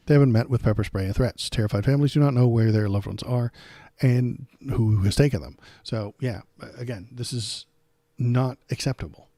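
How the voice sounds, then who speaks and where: A man's voice: mid-range voice, darkish tone, no room sound. A man hosting a live political stream, reading headlines and reacting in casual commentary, sarcastic and indignant, with many fillers.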